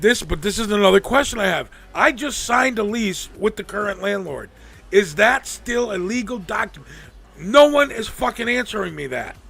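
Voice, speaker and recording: A man's voice: sits high, creaky, a bit bright, breathy edge. A man hosting a live stream, venting angrily and profanely, mocking the people he quotes. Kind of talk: ranting casual talk.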